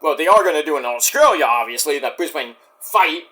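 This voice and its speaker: A man's voice: fairly high pitch, fast. A man casually reviewing a wrestling show as he watches, swearing and acting out the wrestlers' lines. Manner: excitable, swears, mimics wrestlers' promos. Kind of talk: casual live-watch commentary.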